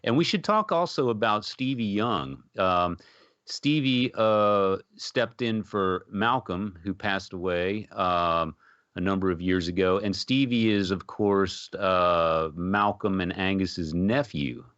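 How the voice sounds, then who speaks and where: A man with a lowish voice speaks very slowly and easily, filling pauses with "uh" and "um". The sound is dry and a little dull, from a home podcast mic. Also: fairly bright tone, no echo. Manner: unhurried, easygoing, many fillers. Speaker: podcast co-host. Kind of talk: casual music chat.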